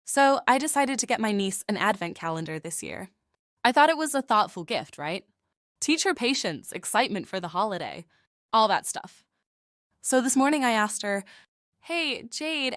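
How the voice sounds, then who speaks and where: A woman's voice: medium pitch, a bit bright, no echo, clean studio sound. A woman telling short scripted jokes in a chatty, playful storytelling manner. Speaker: joke teller. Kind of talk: scripted joke narration.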